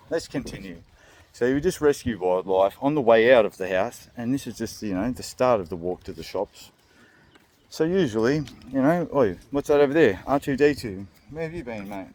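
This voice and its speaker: Brief: young Australian bloke, crude comic vlogger, laughs a lot, mid pitch. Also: male voice, a little mellow. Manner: crude, joking, laughs often. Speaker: vlog host. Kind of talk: rambling comedic vlog.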